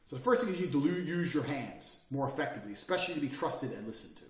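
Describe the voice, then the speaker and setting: Man, emphatic and crude, lecturing, animated pitch, roomy sound, distant mic. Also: rapid-fire, slight background noise. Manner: brash, profane, emphatic, mocks hesitant speakers. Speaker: online course presenter. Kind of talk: lecture on body language and speaking.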